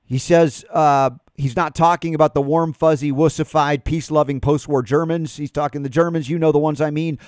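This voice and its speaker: A man's voice: fairly high pitch, normal speed, a little mellow, no echo, clean studio sound. A man hosting a talk radio show, reading an article aloud and adding emphatic commentary.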